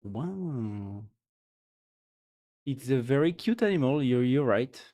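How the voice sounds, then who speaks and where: With a warm, medium-pitched voice, a streamer from France talks slowly but very animatedly, joking with viewers late at night while tired. They speak English with a French accent, French being their first language, in a casual live-stream chat.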